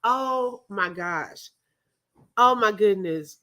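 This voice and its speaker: A woman's voice: mid-range voice, very slow. A woman, hosting a casual live chat and telling a story with frequent laughter. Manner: laughs often, animated storytelling, talks to chat. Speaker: livestream host.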